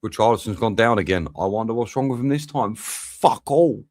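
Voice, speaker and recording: A man's voice: lowish voice, lively intonation, moderate pace, a little mellow, no room sound, studio quality. A man streaming a football watch-along, swearing, venting and chatting with his viewers. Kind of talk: live match commentary and chat.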